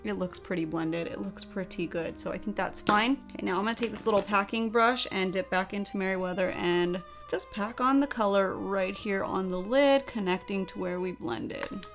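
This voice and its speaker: A woman's voice: mid-range voice, moderate pace, faint music behind. A young woman narrating a makeup tutorial, bubbly and chatty, with playful sound effects as she works. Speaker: beauty vlogger.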